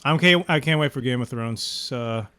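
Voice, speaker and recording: A man's voice: medium pitch, normal speed, crowd noise. A man co-hosting a casual podcast, bantering with crude, joking remarks. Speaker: podcast co-host. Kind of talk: casual chat.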